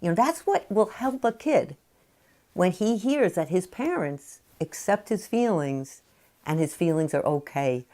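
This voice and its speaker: A woman's voice: fairly low pitch, animated, measured pace, dark tone. A woman who writes about parenting, explaining her ideas in a conversational way with many "you know" fillers. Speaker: parenting author. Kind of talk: explanatory talk to camera.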